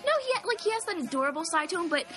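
A woman's voice: very high voice, very animated, racing, a bit bright, faint music behind, low-quality recording. A woman in casual chat about a movie, chatty and gushing, full of "like" fillers.

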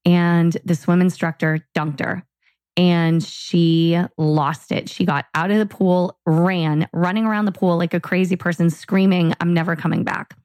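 A woman's voice: on the low side, dry recording. A woman co-hosting a podcast, telling a family story in casual chat and acting out the dialogue. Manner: animated storyteller, acts out dialogue. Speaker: podcast co-host.

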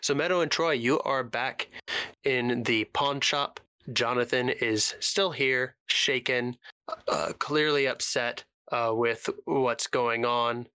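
A man's voice: medium pitch, takes it slowly, bright, forceful tone, smooth, no room sound. A man running a tabletop role-playing game as game master, laughing often and slipping into character voices.

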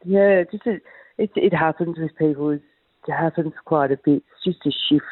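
A woman's voice: low-pitched, moderate pace, breathy edge, no room sound. A woman voicing a rambling, spacey hippie auntie calling in, with a dry hacking cough. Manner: meandering, vague, spacey. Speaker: caller. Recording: tinny phone line.

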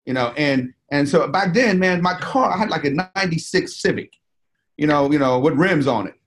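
A man's voice: fairly high pitch, expressive, normal speed, fairly bright tone. A man, a guest in an interview, telling stories in a rambling, profane way, full of fillers and restarts. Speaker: interview guest, business owner and bodybuilder. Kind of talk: casual storytelling interview.

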